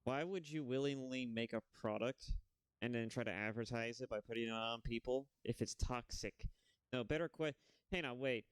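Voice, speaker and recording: A man's voice: medium pitch, moderate pace, clean tone, no echo, studio quality. A man commenting on a video game he is playing, in a sarcastic, rambling, incredulous way. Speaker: let's play host. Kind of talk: gameplay commentary.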